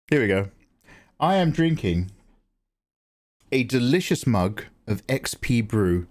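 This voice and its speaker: Man, young, joking and playful, casual stream chat, mid-pitched voice. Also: big pitch swings, slow pace, long pauses, darkish tone. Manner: playful, jokey, mock-grand asides. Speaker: livestream artist host. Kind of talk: casual chat reading viewer messages.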